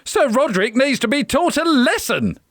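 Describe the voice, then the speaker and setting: A woman's voice: high voice, big pitch swings, normal speed, no room sound, studio quality, voice pushed up. A woman voicing a playful, cheeky witch in a children's storybook, speaking in a raised, sing-song voice. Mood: cheerful. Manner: bright, sing-song, sometimes whispering.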